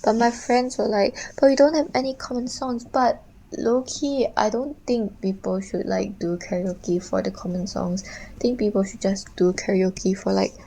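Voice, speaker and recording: A woman's voice: mid-range voice, steady tone, unhurried, vocal fry, warm tone, low-quality recording. A young woman, an art streamer, chatting casually and ramblingly while she draws, full of slang. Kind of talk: casual chat while drawing.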